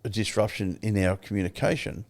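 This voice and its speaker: An older man with an Australian accent, a podcast guest telling his story candidly, blunt and quick to swear. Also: fairly low pitch. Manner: blunt, swears freely, animated retelling.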